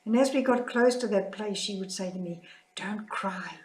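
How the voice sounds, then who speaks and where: Older aussie nun, heartfelt and grieving, mid-pitched voice, echoey room. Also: female voice, fairly quick. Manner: heartfelt, tender, quietly grieving. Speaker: religious sister. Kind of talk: personal spiritual reflection. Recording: roomy echo.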